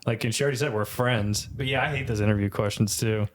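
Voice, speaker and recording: A man's voice: on the low side, steady tone, quick pace. A young man co-hosting a podcast, telling crude, rambling stories in casual chat, laughing and swearing often. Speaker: podcast co-host.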